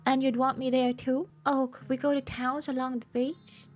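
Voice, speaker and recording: A woman voicing a sweet, dreamy young girl with a put-on Southern accent and a high childlike voice. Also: level tone, moderate pace, soft background music, lightly acted. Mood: sweet, wistful. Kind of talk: voicing game dialogue.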